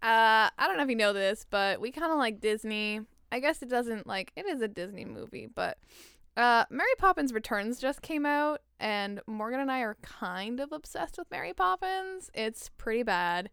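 A woman in her twenties co-hosting a casual podcast, animated, laughing and swearing often. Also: a little high, normal speed, smooth, no room sound, clean studio sound. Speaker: podcast co-host. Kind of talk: casual chat.

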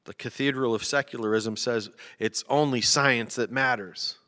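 A man's voice: mid-range voice, steady tone, moderate pace, bright, forceful tone. A man preaching a sermon, chatty and joking at times, then reading poetry with emphasis. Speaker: pastor. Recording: long hall reverb.

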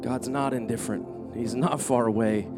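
A man preaching a sermon, telling a personal story in an earnest, animated way that builds in intensity. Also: medium pitch, normal speed, over music. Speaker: pastor.

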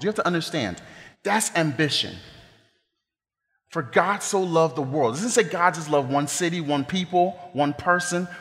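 A pastor preaching a sermon, animated and joking in asides as he speaks. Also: a little high, big-room sound.

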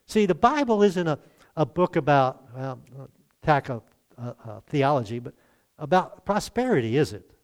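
A man's voice: fairly high pitch, sing-song, normal speed. Chuckling conversational male preacher. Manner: conversational, chuckles often, acts out quoted lines. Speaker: pastor. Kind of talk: sermon.

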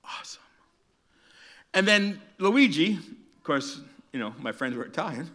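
A man's voice: fairly high pitch, moderate pace. A man from Canada preaching a sermon, telling a childhood story with acted-out voices and whispered asides. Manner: animated storyteller, acts out voices and whispers for emphasis.

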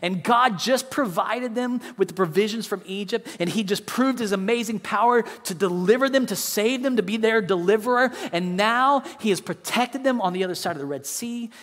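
High-voiced preacher man in a reverberant hall. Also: normal speed, few pauses, fairly bright tone. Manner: earnest preaching with many restarts and repeated words. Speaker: pastor. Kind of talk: sermon.

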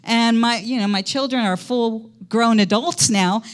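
A woman's voice: fairly high pitch, a little slow. A middle-aged woman pastor preaching a conversational sermon in a church, quizzing the congregation as she goes.

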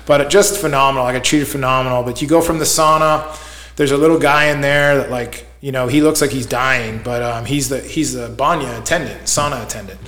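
A man's voice: mid-range voice, fairly even intonation, fairly quick, a bit bright. A man chatting casually as a podcast guest, telling a long story in a loose, rambling way with plenty of filler words. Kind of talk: casual chat. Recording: roomy echo.

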